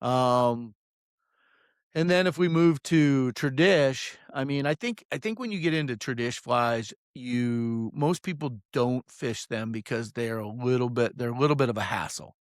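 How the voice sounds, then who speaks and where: A man who works as a fishing guide tells a story in a casual, rambling monologue. He swears freely and fills his pauses with "um". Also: mid-range voice, clean tone, no room sound, studio quality. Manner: rambling, profane, many "um"s.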